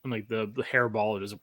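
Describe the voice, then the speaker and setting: A man's voice: fairly low pitch, a bit bright, no room sound. A man in a casual movie review podcast chat, wry and dry, stammering with restarts. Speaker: podcast guest.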